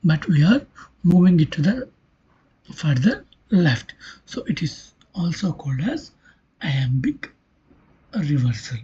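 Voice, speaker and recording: A linguistics lecturer giving an online lesson in a breathy, half-whispered voice, often stopping to ask whether it is clear and correcting themself mid-explanation. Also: mid-range voice, very animated, takes it slowly, long pauses, mellow. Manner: checks understanding with "Clear?" and "right?". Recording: dull lo-fi recording.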